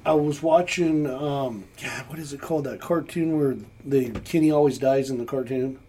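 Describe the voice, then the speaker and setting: A man with a mellow, slightly husky voice, chatting on a podcast. He tells rambling stories, wandering from one detail to the next. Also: medium pitch, normal speed. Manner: rambling storyteller. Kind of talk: casual chat.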